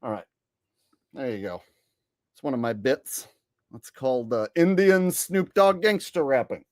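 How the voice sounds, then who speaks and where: A man's voice: medium pitch, very animated, a little slow, no room sound, studio quality. A man hosting his own livestream, talking in a rambling, profane, blunt way. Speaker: channel host. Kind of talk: casual livestream talk.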